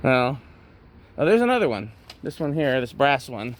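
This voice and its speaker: A middle-pitched man talks casually while he films in a thrift store's back room. He is winded and excitable, and he thinks out loud as he goes. A faint background hum sits under his voice. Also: normal speed. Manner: chatty, excited, thinks aloud. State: out of breath. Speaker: vlogger, ceiling fan collector. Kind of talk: casual walk-through chat.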